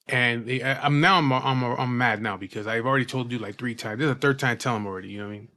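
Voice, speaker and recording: A man's voice: mid-range voice, quick pace, few pauses, sharp tone. A man tells a story in plain, everyday talk with a mid-range voice. He swears freely and often trips over his words, repeating them before pushing on. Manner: rough, profane, repeats and restarts words. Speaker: biker telling a personal story. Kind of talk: casual spoken storytelling.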